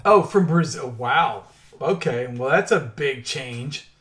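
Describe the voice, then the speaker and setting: A man's voice: medium pitch, lively intonation, slow, a bit bright. A middle-aged man with a Southern Oklahoma accent, chatting casually with his live-stream viewers, laid-back with many ums. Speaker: crypto stream host.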